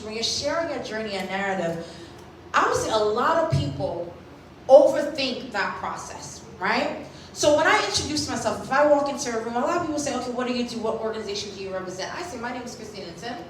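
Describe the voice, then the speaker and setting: A woman's voice: high voice, expressive, brisk, slight background noise. A Haitian-born woman in her thirties giving a motivational keynote at a conference. She speaks emphatically and keeps checking in with the audience. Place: large conference hall. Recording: echoey hall, recorded from a distance.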